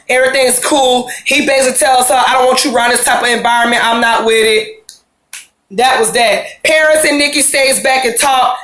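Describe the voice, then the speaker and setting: A woman's voice: high-pitched, fairly bright tone, reverberant, low-quality recording. A woman giving a casual, opinionated recap of a reality show, chatty and slangy, acting out the quotes as she goes.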